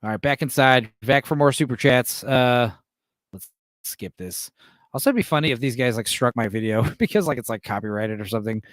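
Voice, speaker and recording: A man's voice: mid-range voice, a little fast, no echo, studio quality. A man in his late thirties from Texas, chatting loosely on his own stream with swearing, chuckles and frequent restarts. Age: late 30s. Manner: loose, profane, chuckling, lots of fillers and restarts. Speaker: streamer host. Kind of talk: casual rambling stream chat.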